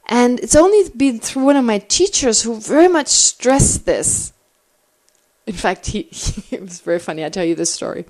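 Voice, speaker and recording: A middle-aged woman, a Buddhist teacher, answering questions in a teaching, thinking aloud with animated restarts. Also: a little high.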